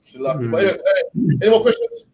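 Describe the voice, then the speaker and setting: A man's voice: high voice, very animated, rapid-fire, darkish tone, a little hiss or hum, rough recording. A young man leading a scripture class in a loose, blunt, slang-heavy teaching style. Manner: streetwise, blunt, peppered with slang.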